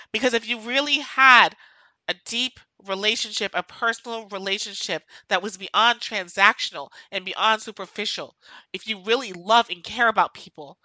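Woman podcast host going off in an impassioned rant, keeps repeating herself for emphasis, super bright tense voice, dry sound. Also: fairly high pitch, no echo, poor audio. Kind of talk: emotional solo podcast monologue.

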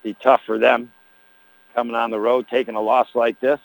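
A man as play-by-play announcer on a high school football radio broadcast, chatty and chuckling, who also reads the sponsor spots. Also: level tone, moderate pace, creaky, no room sound, low-quality recording.

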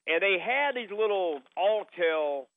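A middle-aged man hosting a sports radio show tells a story in casual conversation, repeating himself along the way. His high voice has lively intonation and a slow pace. The dry recording has a phone-like radio broadcast sound.

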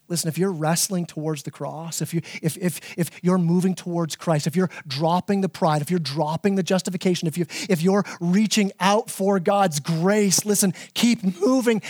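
A middle-aged man preaching a sermon as pastor, animated, often repeating words as he builds a point. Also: normal speed, no echo, studio quality. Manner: animated, repeats words, acts out his kids in a high voice.

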